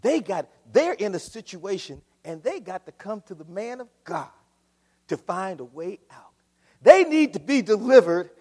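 A man preaching a sermon as pastor, swinging from quiet asides to loud shouts. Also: high voice, big pitch swings, moderate pace, husky. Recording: long hall reverb.

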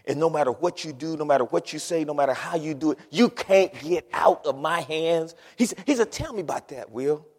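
Dramatic preacher in a reverberant church. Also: male voice, fairly high pitch, a little fast, hardly any pauses. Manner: dramatic, swings from shouting to hushed. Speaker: pastor. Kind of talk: sermon. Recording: long hall reverb.

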